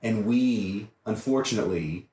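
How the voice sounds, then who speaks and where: A man, a priest, teaching a Bible study in an emphatic, animated way, often asking "right?" as he goes. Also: fairly low pitch, unhurried. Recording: echoey room, mic far off.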